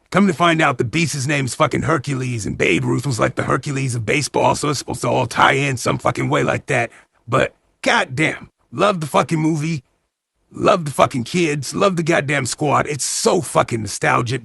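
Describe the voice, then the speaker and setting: A man's voice: medium pitch, moderate pace, vocal fry, a bit bright, slightly rough, dry recording, studio quality. A man retelling a movie plot as comedy, swearing constantly in loose slang and acting out the characters' lines. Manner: heavy swearing, slangy retelling with acted-out quotes. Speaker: movie recap host. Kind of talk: profane comedic movie recap.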